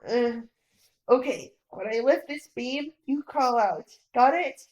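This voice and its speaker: A woman's voice: a little high, takes it slowly, a little mellow, roomy sound, rough recording. A woman voicing a brave, stubborn young boy who talks in a blunt, urgent way.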